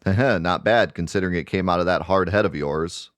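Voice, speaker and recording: Man voicing a gentle, devoted young mother. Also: deep voice, fairly quick, no room sound, studio quality. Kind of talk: reading game dialogue aloud.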